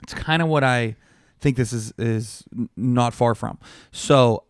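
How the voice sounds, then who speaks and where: A man co-hosting a podcast, telling an animated, profane story in casual chat. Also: medium pitch, measured pace, clean tone, no room sound, clean studio sound. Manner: animated storytelling, heavy swearing. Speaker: podcast co-host.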